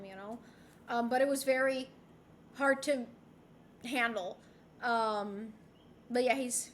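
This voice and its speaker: A woman's voice: a little high, fairly bright tone, slight background noise. A young woman streamer chatting candidly with her chat from home, swearing freely and rambling with restarts. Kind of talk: casual chat.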